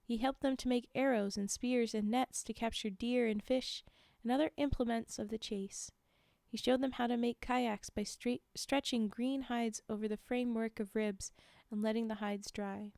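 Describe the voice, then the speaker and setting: A young adult woman reading folktales aloud on a livestream, chatty, pausing for casual asides and fillers. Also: fairly high pitch, fairly even intonation, creaky, mellow, clear, resonant tone, dry recording, clean studio sound. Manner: chatty, frequent laughs and fillers while reading. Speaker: livestream storyteller.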